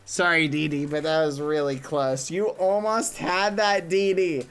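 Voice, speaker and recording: A man streaming a game live, cheering players by name and shrieking high when the game turns. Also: fairly even intonation, unhurried, fairly bright tone, smooth. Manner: talks to chat and players by name.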